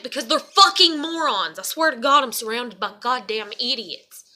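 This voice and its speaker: A woman's voice: fairly high pitch, moderate pace, few pauses, bright, forceful tone. A woman, venting to camera in a profane, repetitive rant. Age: adult parent. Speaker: vlogger. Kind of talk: emotional venting monologue.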